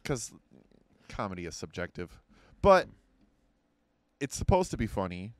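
A man's voice: lowish voice, big pitch swings, unhurried, dry recording. A man co-hosting a casual comedy podcast, joking and rambling, poking fun at himself. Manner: joking, rambling, self-deprecating. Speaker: podcast co-host. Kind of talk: casual chat.

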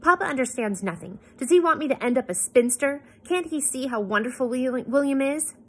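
A woman voicing a headstrong, dramatic fifteen-year-old girl who talks in a pleading, high-strung way, with a breathy voice. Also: expressive, a little fast, fairly bright tone, exaggerated voice. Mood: sulky.

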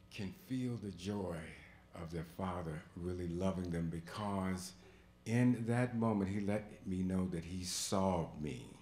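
Guy telling his story live on a stage, slow and bright, goes quiet then loud, roomy hall sound. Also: deep voice, a little hiss or hum. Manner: animated, swinging from hushed to loud exclamations. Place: museum auditorium before a live audience. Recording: echoey hall.

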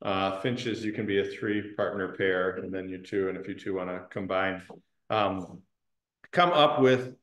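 A man's voice: low-pitched, a little slow, a bit bright. A man leading an adult Bible study class in a church room, talking conversationally, asking questions and using frequent ums. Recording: roomy echoing room.

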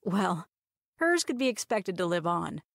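A woman's voice: lowish voice, big pitch swings, unhurried, vocal fry, no room sound. Woman narrating a romance story, dry sound. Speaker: audiobook reader.

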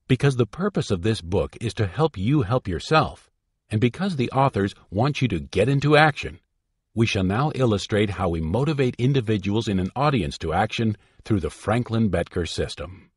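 A man's voice: lowish voice, breathy edge, no room sound, studio quality. A man reading a self-help book aloud in an emphatic, instructive way. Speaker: audiobook reader. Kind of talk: scripted self-help narration.

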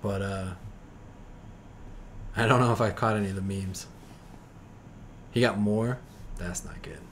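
A man's voice: lowish voice, fairly even intonation, measured pace, slight background noise. A man hosting a podcast, chatting casually and rambling about movie trailers with lots of fillers and self-doubt. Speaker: podcast host. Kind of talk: casual trailer reaction chat. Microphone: streaming mic.

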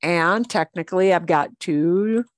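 A woman teaching a Spanish lesson, patiently repeating words slowly for her students. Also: lowish voice, no room sound. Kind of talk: online language lesson.

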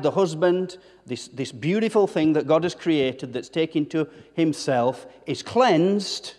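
A man's voice: fairly high pitch, darkish tone. A man preaching a sermon as a pastor, emphatic, throwing rhetorical questions to the congregation and repeating words as he builds a point. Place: church hall. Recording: long church-hall reverb.

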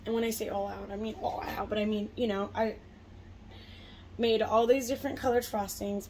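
Young female vlogger, higher voice, casual rambling chat to camera, slight background noise. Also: steady tone, normal speed, darkish tone. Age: 20s. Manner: rambling, chatty, with frequent fillers and laughs.

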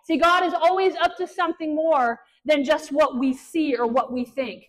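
A woman preacher delivering a sermon, telling Bible stories in an animated way and acting out the characters' lines. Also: sits high, moderate pace, rough recording. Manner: animated storytelling, acts out Bible characters' dialogue.

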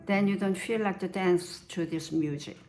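A woman's voice: mid-range voice, moderate pace. A woman giving a piano lesson, counting beats and singing rhythms aloud as she teaches. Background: piano playing.

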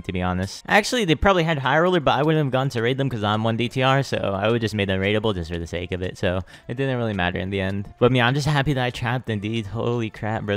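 A young man hosting a gaming channel, giving excitable live commentary on his own play and hyping every win with slang. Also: medium pitch.

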